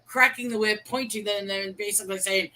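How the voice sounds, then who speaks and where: A woman co-hosting a casual online chat show, telling stories in an animated, chatty way. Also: mid-range voice, fairly quick, rough recording. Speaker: co-host.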